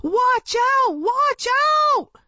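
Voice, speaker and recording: A woman voicing a young man who yells urgent warnings across a street in a storybook reading. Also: extremely high pitch, a little slow, no room sound, voice pushed up. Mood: yelling urgently. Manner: urgent yelling.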